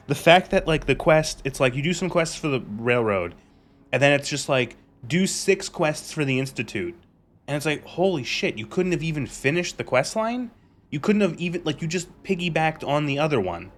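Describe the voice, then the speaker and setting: Profane ranting male game streamer. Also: medium pitch. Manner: ranting, profane, rambling with restarts. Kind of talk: casual live gameplay commentary.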